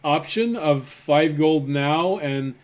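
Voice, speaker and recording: A man running a tabletop game as game master, easygoing and quick to laugh. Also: fairly high pitch. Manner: easygoing, laughs between rulings.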